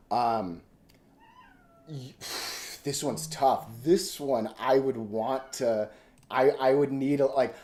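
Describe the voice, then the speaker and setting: A man's voice: medium pitch, darkish tone. A man hosting a casual live stream from home, rambling and thinking aloud as he reads stock charts. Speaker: stock chart analyst host. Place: home room.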